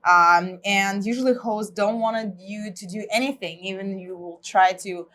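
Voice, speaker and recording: A woman from Russia with a Russian accent, a guest in a casual interview, telling lively stories and laughing often. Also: medium pitch, unhurried, a little hiss or hum.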